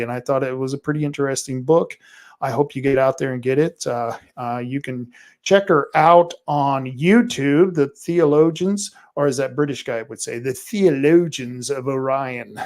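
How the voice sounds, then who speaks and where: A man's voice: mid-range voice, a little mellow. A male podcast host with a rural American accent, talking casually to listeners in a rambling way full of fillers and restarts.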